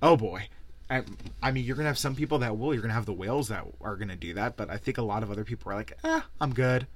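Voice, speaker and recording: A man's voice: on the low side, very fast. A tired man hosting a podcast, ranting sarcastically, swearing freely and laughing as he talks. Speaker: podcast host. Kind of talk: casual rant.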